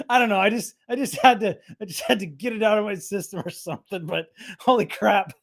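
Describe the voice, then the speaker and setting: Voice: mid-range voice, normal speed. A host of a live online creator show, talking casually to viewers in a rambling, chatty way, often restarting sentences. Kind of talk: casual livestream chat.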